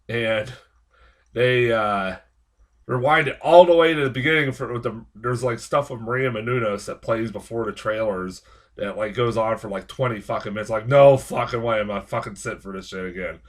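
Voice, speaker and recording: A man's voice: medium pitch, fairly bright tone. Profane, rambling man reviewing a movie. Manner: rambling and heavily profane, with frequent fillers; exasperated ranting. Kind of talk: casual spoken film review.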